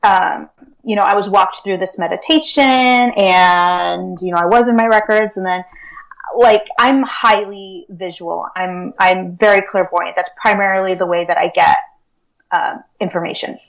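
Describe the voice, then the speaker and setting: A woman who reads and teaches the akashic records speaks earnestly as an interview guest, casual and full of fillers like "like" and "um." Her medium-pitched voice is creaky at a measured pace, in a rough recording.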